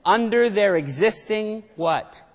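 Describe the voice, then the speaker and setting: A man's voice: high-pitched, expressive, slow. A man giving a motivational seminar as a management consultant, playful and constantly quizzing his audience with questions. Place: lecture hall with audience. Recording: long hall reverb.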